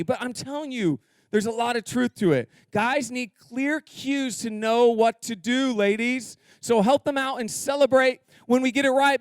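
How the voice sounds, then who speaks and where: A male pastor preaching a sermon in a church, energetic and humorous, drawing call-and-response from his congregation. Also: very high voice, dry recording, studio quality. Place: church sanctuary.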